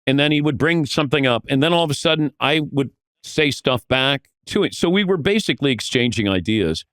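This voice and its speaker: Older male broadcaster, mid-pitch, chatty anecdote teller on a dry close mic. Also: animated, fairly quick, a bit bright, smooth, dry recording. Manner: storytelling, acts out quoted voices, self-deprecating. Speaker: sports broadcaster guest. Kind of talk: casual podcast interview.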